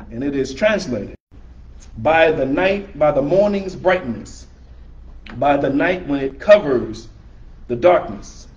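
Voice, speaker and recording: Male religious teacher, conversational explainer, slightly high voice, muffled lo-fi room recording. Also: darkish tone. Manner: conversational, rephrasing verses in plain words. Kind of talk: explanatory Quran class. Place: room with a small audience, filmed by camera.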